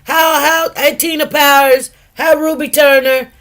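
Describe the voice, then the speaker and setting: A woman's voice: high-pitched, steady tone, a little slow, a bit bright. A middle-aged woman chatting casually on a livestream, greeting viewers by name and stretching out some words. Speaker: livestream host.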